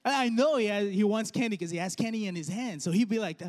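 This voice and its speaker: Pastor guy, fairly high voice, storytelling sermon, big echoey church hall. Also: fast talker, few pauses. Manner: storytelling, trailing off softly at phrase ends. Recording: long hall reverb.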